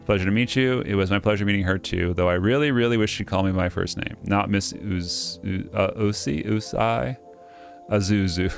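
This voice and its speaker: A man reading a visual novel aloud and breaking off into wry jokey asides, often stumbling over names. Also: lowish voice.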